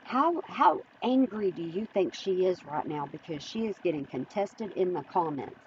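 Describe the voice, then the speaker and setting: A woman's voice: on the low side, expressive, normal speed, highs cut off, slight background noise. A woman hosting an opinion commentary vlog, chatty and teasing, often laughing. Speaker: host.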